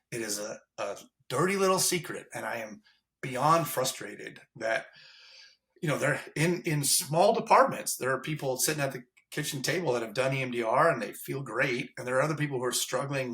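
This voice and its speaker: A fire captain in a candid podcast interview, speaking in an earnest, impassioned way. His voice is bright and forceful and sits at an ordinary pitch for a man. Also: normal speed.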